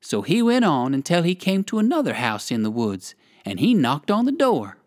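Expressive, sing-song children's story reader. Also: medium pitch, moderate pace, no echo, clean studio sound. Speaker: narrator. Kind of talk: reading a children's story aloud.

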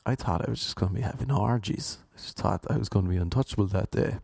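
Young Irish comedian with a gravelly voice. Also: male voice, fairly low pitch, fast, darkish tone, no echo, clean studio sound. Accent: Irish, Cork. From Ireland. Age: 20s. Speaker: stand-up comedian. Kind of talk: stand-up comedy set.

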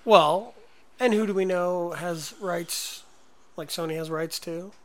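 Man, podcast co-host, fairly high voice, joking, quick quips, casual. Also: a bit bright.

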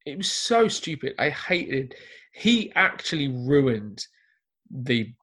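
A man with an Essex English accent talks in an easy, chatty way. His voice sits at an ordinary pitch for a man, and he drops in casual swearing. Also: very animated, slow, fairly bright tone, husky. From Essex, England. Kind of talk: casual chat.

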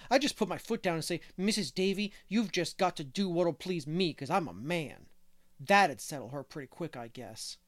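A man's voice: a little high, dry recording, natural voice. A man voicing a chatty, cheerful little boy who talks bluntly, in a dry audiobook reading.

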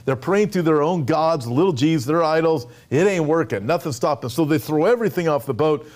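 A male pastor preaching a sermon, retelling scripture in a conversational, animated way with frequent asides. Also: on the high side, brisk.

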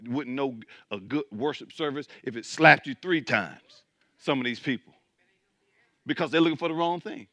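A man's voice: mid-range voice, normal speed, sharp tone, no echo, highs cut off. A man preaching as pastor, building intensity, with mocking asides about churchgoers. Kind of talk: sermon.

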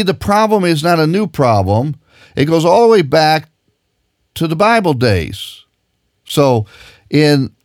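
A man's voice: on the high side, no echo, studio quality. A man preaching a sermon with emphatic, insistent delivery, reading scripture aloud and explaining it.

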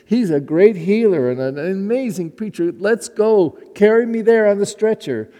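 A man voicing a hopeful paralyzed man who talks in an excited, urging way, heard in a reverberant hall. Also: sits high, moderate pace, voice pushed up. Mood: eager.

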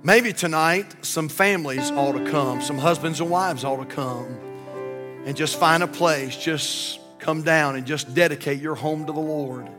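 A man with a Southern American accent, preaching a sermon as pastor, telling jokes with a rising voice and praying in a low tone. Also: a little slow, in a large hall, music in the background. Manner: storytelling preacher, voice rising for punchlines and dropping low in prayer. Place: church sanctuary.

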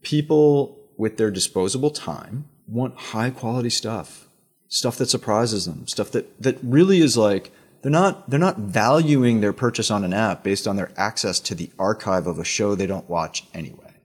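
Husky, lively low-voiced man. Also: normal speed. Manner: animated storytelling, emphatic asides. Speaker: media executive guest. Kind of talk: conversational interview.

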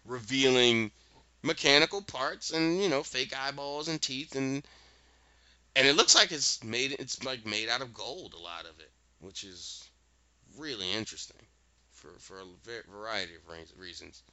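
Male podcast host, casual recap, lively storyteller, sharp bright tone, dry lo-fi sound. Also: medium pitch, smooth. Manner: animated storyteller with quick asides.

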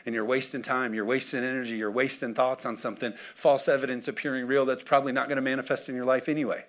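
A man's voice: mid-range voice, level tone, fast, fairly bright tone. A man preaching a conversational sermon who keeps checking in with his congregation and asks for responses. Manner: conversational, calls for audience responses. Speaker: pastor.

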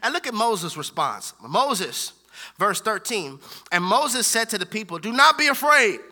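Guy preaching, real high voice, super bright and sharp, acts out little voices. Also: unhurried. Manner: animated preaching with acted-out voices and laughter. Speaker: pastor. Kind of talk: sermon.

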